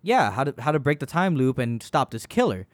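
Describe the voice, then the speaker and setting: A man's voice: medium pitch, big pitch swings, a little fast, no room sound. Profane, rambling young man, dry sound. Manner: rambling, profane, laughs while telling. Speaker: podcast co-host reviewing a movie. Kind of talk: casual chat.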